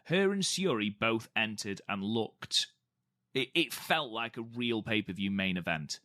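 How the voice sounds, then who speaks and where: A man's voice: lowish voice, expressive, unhurried, bright, forceful tone. A man co-hosting a casual podcast chat, talking eagerly and repeating words for emphasis. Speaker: podcast co-host.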